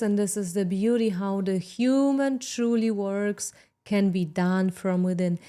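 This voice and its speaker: A woman's voice: medium pitch, dark tone. A woman hosting a self-help podcast, giving an emphatic motivational talk with sarcastic asides.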